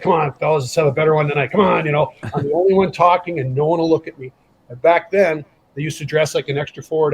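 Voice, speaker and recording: Fast-talking husky man telling stories. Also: fairly high pitch, rough recording. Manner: animated, acts out quoted dialogue. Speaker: podcast guest, former pro hockey enforcer. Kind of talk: casual storytelling.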